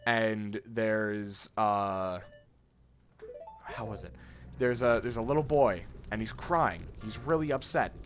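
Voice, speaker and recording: Slow and lowish, this young man's voice sits over soft background music. Co-hosting a let's play, he chats casually and spins a meandering school story full of restarts and offhand swearing as he plays.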